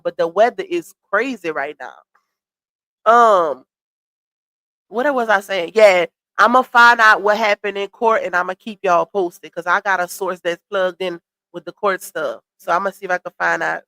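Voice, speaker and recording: A woman's voice: mid-range voice, moderate pace, pushed and bright, no room sound. Congested woman sassily commenting on a stream. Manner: sassy, chatty, greets chat viewers. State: congested with a cold. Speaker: live stream host. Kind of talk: casual commentary live stream.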